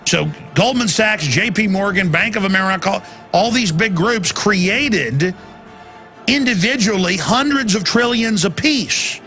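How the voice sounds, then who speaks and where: A man hosting a talk radio show, ranting intensely in a rambling monologue that climbs to loud, excited peaks. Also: high voice, measured pace, soft background music.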